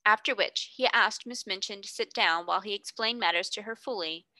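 A woman narrating a classic novel aloud in a clear, steady storytelling manner. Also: medium pitch, fairly quick, no room sound. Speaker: reader. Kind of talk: audiobook narration.

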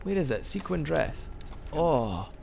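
A man talks his way through a video game in loose, joking commentary, wandering off topic and restarting his sentences. His voice has a gravelly, creaky edge, and a faint hiss sits behind it. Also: on the high side, big pitch swings, slow, a little mellow. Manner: rambling, joking, with frequent restarts. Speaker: gaming video host. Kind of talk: casual let's-play commentary.

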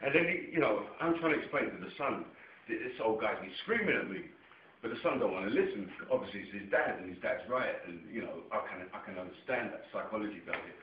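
An English man telling a rambling personal story to camera, heavily profane and excitable, dropping to a mutter one moment and nearly shouting the next. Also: lowish voice, quick pace. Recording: echoey room, dull lo-fi camera sound, faint noise.

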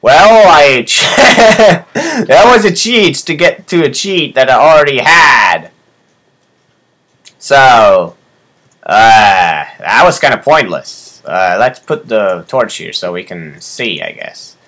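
Excitable young man commenting on gameplay. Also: medium pitch, slow. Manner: excitable, swears often, yelps at surprises. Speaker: let's player.

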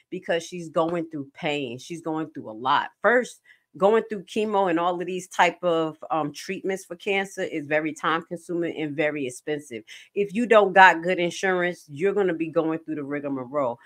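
A woman nurse giving casual, animated commentary on clips as a stream host. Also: on the low side. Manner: animated, jumps to loud bursts.

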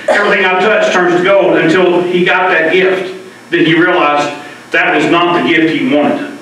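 A man's voice: on the high side, sharp tone. Earnest man in an echoey hall. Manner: emotional, earnest, repeats words when stirred. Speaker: public speaker at a debate. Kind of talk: impassioned public address. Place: public library meeting room. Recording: very echoey hall, mic far off.

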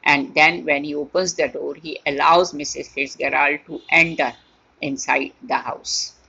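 Low-voiced, husky female teacher. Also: steady tone, unhurried, pushed and bright. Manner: paraphrases line by line, repeating and rephrasing. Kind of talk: explaining a play to a class. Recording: dull lo-fi recording.

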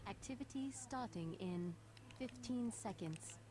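A crisp video game announcer counting down. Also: female voice, on the high side, a little slow, a little hiss or hum. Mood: announcing. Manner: clipped, even announcements. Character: calm adult female game announcer counting down.

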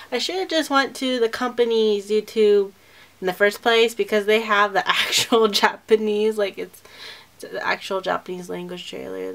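A woman's voice: medium pitch, gravelly, a bit bright. A young woman talking casually to camera in a reaction vlog, chatty and emotional, often trailing off and restarting. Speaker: vlogger reacting to a film trailer.

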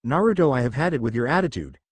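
A man's voice: medium pitch, lively intonation, fast, husky. A man reading the lines of a scolding teenage girl ninja in a storybook. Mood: angry.

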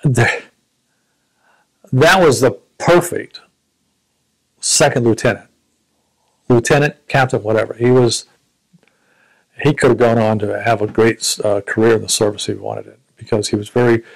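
An older man in his seventies with a gravelly, creaky voice tells stories of his service. He speaks reflectively, often stopping and restarting his sentences. His pitch sits at an ordinary middle height. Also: fairly even intonation, poor audio. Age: 70s. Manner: reflective, halting storytelling with frequent restarts. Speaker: Vietnam War veteran interviewee. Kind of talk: recounting personal memories.

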